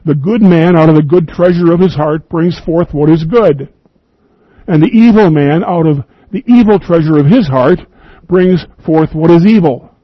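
A man's voice: fairly high pitch, normal speed, no room sound, highs cut off. A man preaching an earnest, emphatic radio sermon, reading scripture and quoting at length.

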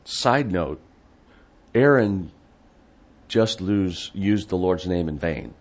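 A man's voice: sits low, expressive, slow. A man giving a sermon as a Bible teacher, conversational with frequent restarts and asides, reading scripture quotes in a raised, emphatic voice.

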